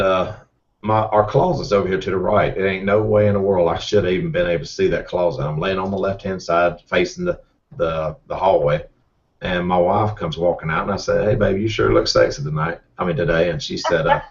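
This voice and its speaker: A middle-aged race car driver, telling a rambling, folksy story with repeated words. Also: male voice, low-pitched. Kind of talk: casual storytelling. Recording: distant, muffled mic.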